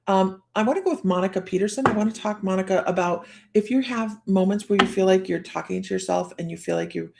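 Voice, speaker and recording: A middle-aged woman with a hoarse voice, hosting a casual live-streamed psychic reading in a chatty, rambling way full of fillers and restarts. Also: medium pitch, fast, few pauses, noisy background. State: hoarse from a cold.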